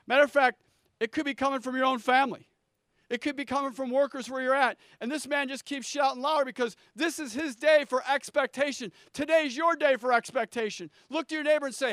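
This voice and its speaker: A man preaching a sermon to a large church, swinging from quiet prayer to shouted lines. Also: very high-pitched, steady tone, fairly quick, no room sound, clean studio sound. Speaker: pastor. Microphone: handheld microphone.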